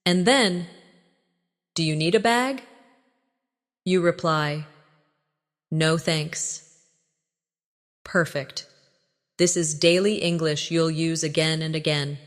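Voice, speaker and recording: A woman teaching everyday English phrases in a scripted lesson, giving slow, clear prompts for the listener to repeat. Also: low voice, big-room sound.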